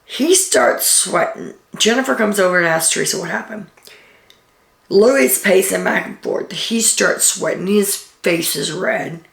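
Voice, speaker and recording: Chatty woman with a gravelly voice. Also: mid-range voice, unhurried. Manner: chatty storytelling, reads out quotes with filler ums. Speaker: reality TV recap vlogger. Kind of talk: casual episode recap. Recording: echoey room.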